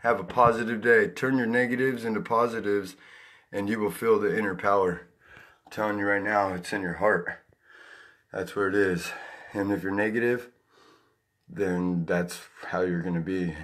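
A slightly low-voiced man, still out of breath from a morning jog, delivers a self-made motivational vlog. He talks in a preachy, hyped-up way and keeps urging his viewers on. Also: steady tone, normal speed, pauses often. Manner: pumped-up, preachy, with loud whooping shouts. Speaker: motivational speaker.

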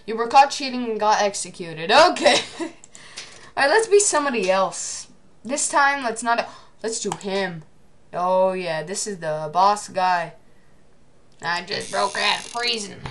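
A teenage girl giving excitable gameplay commentary, often shouting at the game. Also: medium pitch, takes it slowly, pauses often, soft background music.

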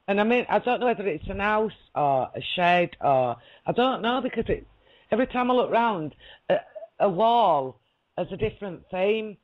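A woman's voice: mid-range voice, expressive, normal speed. A woman, a guest rambling through a story in a casual chat, laughing often and checking that she is understood. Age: 40s. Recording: lo-fi audio.

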